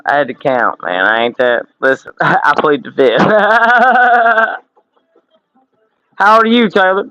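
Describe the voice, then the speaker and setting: His voice sits high and he takes it slowly, sounding pushed and bright over dull audio. He's a livestream host in his thirties, broadcasting casually from a home room with a window air conditioner and tossing out loose banter full of swearing and laughter.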